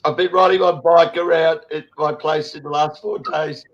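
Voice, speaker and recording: A high-voiced Australian man in his sixties talks in an impassioned online chat. He is emotional, swears hard and rambles, restarting his sentences as he goes. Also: steady tone, normal speed, lo-fi sound. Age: 60s. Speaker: show host.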